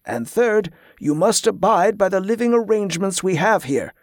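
A man voicing a formal, stately male monk who guards an abbey gate, speaking in a measured, ceremonious way. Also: sits high, animated, dry recording, clean studio sound, pitched above the performer's own voice.

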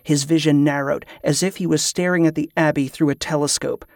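A man reading a novel aloud in a steady, even narration. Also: fairly high pitch, brisk, no room sound, clean studio sound. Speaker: audiobook narrator. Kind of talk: scripted narration.

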